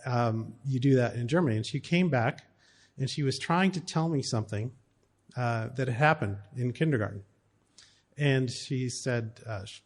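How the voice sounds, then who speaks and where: A man's voice: mid-range voice, a little mellow. A middle-aged American man giving a talk to an audience, telling stories in a conversational way with plenty of fillers. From United States. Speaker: speaker on cross-cultural family life.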